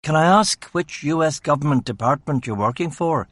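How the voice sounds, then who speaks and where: A man's voice: a little high, animated, normal speed, fairly bright tone, no room sound, clean studio sound. A man voicing a blunt, wry male police detective in an audiobook reading. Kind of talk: audiobook character voice.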